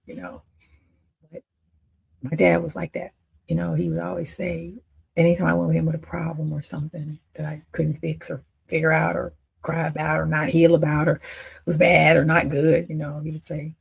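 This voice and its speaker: Gravelly husky woman in her fifties. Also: low voice, flat delivery, fairly quick. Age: 50s. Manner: emotional, emphatic, swinging between loud declarations and near-whispers. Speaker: independent filmmaker. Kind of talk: personal storytelling monologue.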